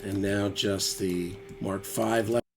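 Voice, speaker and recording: A man with a lowish, fairly even voice takes his time as he casually demos a guitar tone. He is a guitarist showing gear, thinking aloud and tapering off while adjusting settings against loud electric guitar playback.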